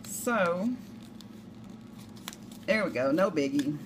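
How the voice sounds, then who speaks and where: A woman's voice: lowish voice, slow, pauses often. A woman with a Southern US accent, chatting through a crafting tutorial with rambling, self-deprecating asides. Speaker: craft demonstrator. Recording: noisy home recording.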